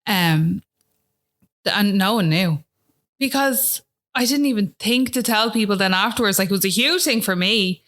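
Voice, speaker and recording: A woman's voice: mid-range voice, moderate pace, fairly bright tone. Chatty Irish woman telling her story. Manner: chatty, retells scenes with "I was like", often asks "do you know what I mean". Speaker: podcast guest. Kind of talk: personal storytelling in conversation.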